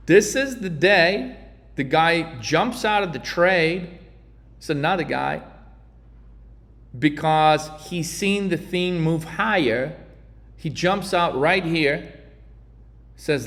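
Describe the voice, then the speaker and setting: A man coaching traders in a blunt, heated, profane rant. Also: a little high. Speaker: trading coach. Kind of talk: ranting monologue. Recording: echoey reverberant room.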